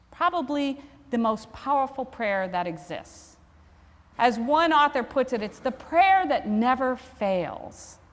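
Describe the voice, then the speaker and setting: A woman priest preaching a sermon, conversational and self-deprecating as she tells a story. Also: a little high. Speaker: Episcopal priest. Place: church. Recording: long church reverb.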